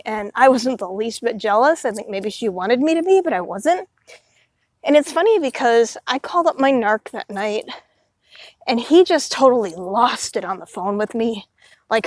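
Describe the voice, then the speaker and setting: A woman with a high voice talks through a long personal story in a loose, rambling way and keeps dropping in "you know" asides. The sound is dry and close, with no room echo. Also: lively intonation, normal speed. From Illinois, United States. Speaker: vlogger. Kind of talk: casual storytelling monologue.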